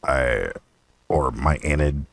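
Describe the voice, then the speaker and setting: A very deep-voiced young man tells a personal story on his own podcast, rambling and swearing freely. He laughs often and pops up into higher voices when he quotes himself. The sound is close and dry, with no room echo. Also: very slow, gravelly. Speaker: podcast host. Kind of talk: casual storytelling monologue.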